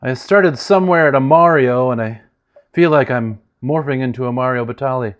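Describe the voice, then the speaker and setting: A man's voice: medium pitch, normal speed. A man hosting a casual cooking demonstration in a home kitchen, chatty and joking, his voice sometimes drifting away from the mic. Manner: chatty and joking, with lively swings in loudness. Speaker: home cook host.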